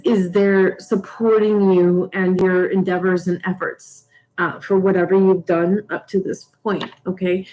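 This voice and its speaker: A woman doing a casual weekly angel card reading for her viewers, emotional and rambling, with many halting restarts. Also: mid-range voice, mellow, poor audio. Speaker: tarot reader.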